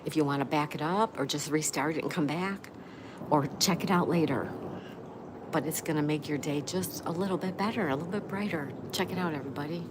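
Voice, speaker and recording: Speaking briskly in a low voice, a woman hosting a casual live stream reads viewer comments aloud. Each person gets a greeting by name and a gushing, exclamatory reply, all over noisy background ambience.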